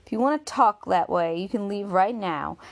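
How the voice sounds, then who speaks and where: A woman voicing a jealous young woman in a spoken audiobook, accusing and sharp in her manner. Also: mid-range voice, normal speed, vocal fry, lightly acted. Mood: angry.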